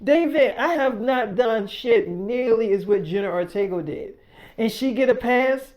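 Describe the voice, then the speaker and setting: A man's voice: very high voice, measured pace. A man voicing an angry young woman who curses and argues heatedly. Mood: indignant. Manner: loud, exasperated, cursing.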